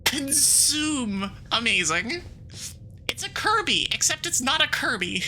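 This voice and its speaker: A woman streaming a game as a VTuber, chatting casually in a rambling, playful way full of quick asides and giggles, and reading the game's text aloud. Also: high voice, very animated, bright, forceful tone, slight background noise, poor audio.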